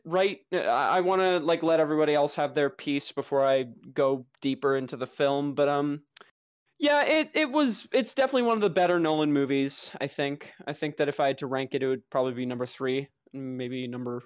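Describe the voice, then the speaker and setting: With the highs cut off from the recording, this young film-podcast co-host's high-ish voice still comes across as clear and resonant. He gives his take on a film in an enthusiastic, rambling way, leaning on fillers and swearing casually.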